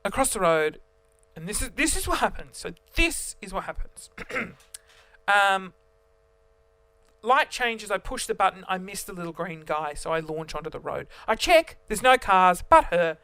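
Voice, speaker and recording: A young man, a vlogger, tells a story to camera in an animated, self-mocking way, his voice swinging between loud and quiet. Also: high-pitched, measured pace, no room sound.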